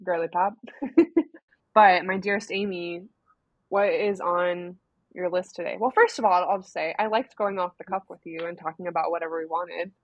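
A playful young woman co-hosting a podcast in loose, chatty talk. Her voice is a little husky, and the recording is dry, with no room sound. The sound is also somewhat dull and muffled. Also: fairly low pitch, steady tone, normal speed, dry recording. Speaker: podcast co-host. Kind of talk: casual chat.

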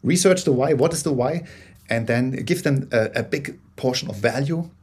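A man's voice: mid-range voice, moderate pace, darkish tone, slightly rough. A man being interviewed as a guest, explaining his ideas with frequent restarts and tag questions like "yeah?". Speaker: guest storyteller. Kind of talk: interview conversation.

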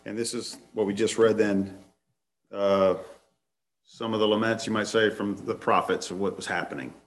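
A man's voice: on the low side, steady tone, moderate pace. A man preaching a sermon, laying out numbered points and reading scripture passages aloud, sometimes restarting his phrases.

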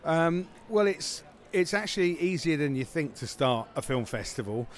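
A man's voice: on the high side, animated, moderate pace. A man who founded a film festival, answering interview questions casually with many fillers and restarts.

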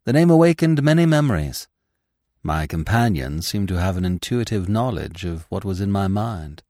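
A man narrating a classic story in an expressive, storytelling manner, his pitch rising and falling freely. The studio recording is close-miked and dry. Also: moderate pace, dry recording. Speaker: podcast host and reader. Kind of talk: scripted audiobook narration.

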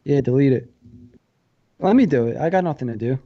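A man's voice: medium pitch, animated, a little fast. A man with a New Jersey accent chatting on a podcast in a laid-back, self-deprecating way. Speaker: podcast co-host. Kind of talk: casual podcast chat. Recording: dull lo-fi sound.

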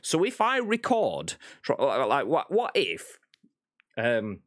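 A man's voice: a little high, wildly swooping pitch, a little slow, dry recording, studio quality. A British man hosting a gaming news podcast, reading articles aloud and reacting bluntly. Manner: blunt, exasperated commentary. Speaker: podcast host.

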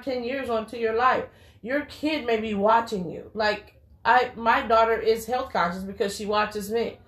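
A woman's voice: fairly high pitch, echoey room. A woman co-hosting a casual talk show, blunt and preachy, who swears casually. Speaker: podcast co-host. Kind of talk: casual chat.

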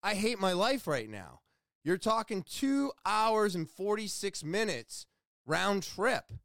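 Excitable, rambling man with a high voice. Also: slow, creaky, no room sound, studio quality. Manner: rambling, excitable, frequent restarts and swearing. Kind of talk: casual storytelling vlog. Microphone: headphones with mic.

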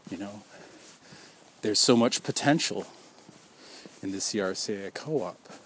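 A man's voice: medium pitch, slow pace, long pauses, slight background noise. A man speaking out as a survivor in an impassioned personal monologue, earnest and accusing, piling up repeated rhetorical questions.

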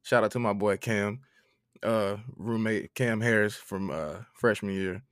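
Casting: young man, low voice, dry close sound, lively swearing storyteller. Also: unhurried, no echo. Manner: animated, profane, laughing storytelling. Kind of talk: casual storytelling chat.

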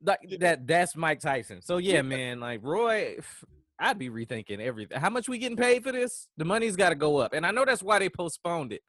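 A man chatting casually on a podcast and making wry, drawn-out remarks. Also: on the high side, sing-song, fairly bright tone, dry recording, studio quality. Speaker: podcast co-host. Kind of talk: casual chat.

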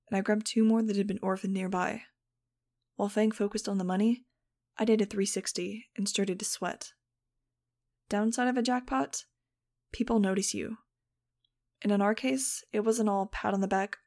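Woman reading a first-person audiobook, dry and sarcastic, a bit of vocal fry. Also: medium pitch, steady tone, moderate pace, long pauses, a little mellow. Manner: wry, sardonic. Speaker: audiobook narrator.

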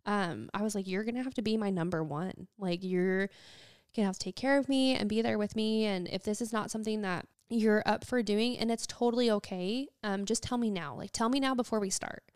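A woman's voice: medium pitch, brisk, smooth, dry recording, clean studio sound. A young woman in casual conversation, telling a long personal story in a chatty way, acting out what people said, with lots of "like" and "um". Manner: chatty storytelling, quotes people, many fillers.

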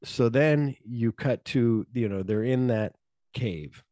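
A podcast co-host with a medium-pitched, dark voice takes it slowly on a clean, echo-free studio recording. In a casual chat, he animatedly recaps a film's scenes, acting out the characters' lines and swearing freely.

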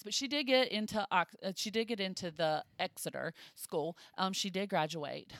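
A woman co-hosting a casual chat, telling a story with lively swings and high put-on voices. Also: no echo, studio quality. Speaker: podcast co-host.

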